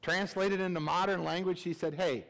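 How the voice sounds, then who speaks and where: A middle-aged male pastor preaching a humorous sermon, animated and joking, swinging between loud bursts and hushed asides. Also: a little high, measured pace. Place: church sanctuary. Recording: reverberant church hall.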